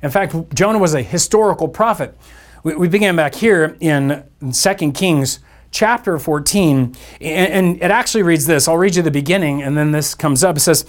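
On a church podcast microphone, a man whose voice leans high speaks at a normal speed as he preaches. He keeps the sermon chatty and breaks off for playful asides to his listeners.

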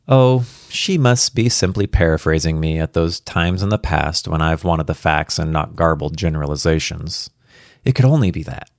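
A man reading a first-person story aloud as a worried father, in an earnest, reflective and quietly anxious way. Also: extremely low pitch, lively intonation, normal speed, no room sound, clean studio sound.

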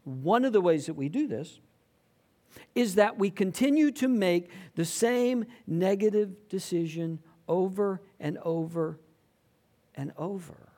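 Man, pastor, sermon, animated, wide-ranging pitch, acts out quotes. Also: unhurried. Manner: conversational, animated preaching with acted-out quotes.

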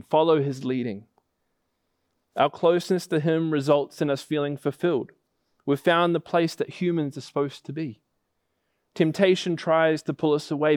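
A man's voice: fairly high pitch, a little mellow, clean tone, dry recording, clean studio sound. A man preaching a sermon, telling a vivid illustrative story that builds in intensity.

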